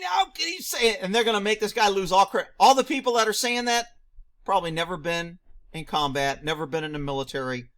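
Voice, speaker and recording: A man reacting to a news clip, firing off rhetorical questions, answering them himself and shouting mocking asides. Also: on the high side, fairly quick. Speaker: video commentator; former police officer.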